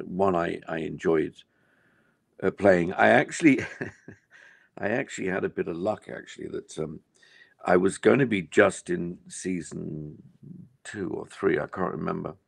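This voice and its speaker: An older Englishman, an actor appearing as an interview guest, chats casually in a reflective, rambling way full of fillers. His voice sits low, creaky and slightly rough, captured in a dry, studio-quality recording.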